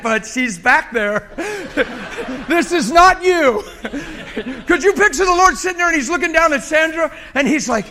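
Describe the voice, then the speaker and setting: A man's voice: very high voice, expressive, unhurried, pushed and bright. A male pastor preaching a sermon in a folksy, humorous, colloquial way.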